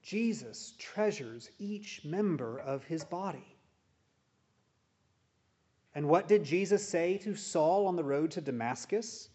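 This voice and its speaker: A man preaching a sermon as a pastor, in a measured, deliberate way with emphatic pauses. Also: a little high, lively intonation, warm tone. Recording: dull, muffled sound.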